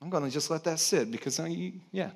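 A pastor preaching a conversational sermon to his church, swinging between loud emphasis and hushed, quiet stretches. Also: a little high, animated, fairly quick, gravelly, husky.

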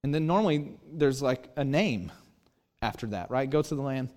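A middle-aged pastor preaches a sermon, telling a personal story and acting out its dialogue while swinging between quiet and loud. His medium-pitched voice is expressive and moderately paced.

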